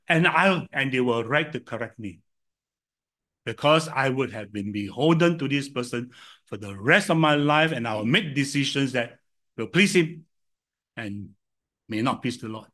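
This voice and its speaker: An older man with a Singaporean English accent delivers a sermon. His pitch sits a little high and swings widely as he tells stories from his life, and he keeps throwing questions at the listeners. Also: moderate pace. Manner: animated storytelling with rhetorical questions to the audience. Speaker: preacher.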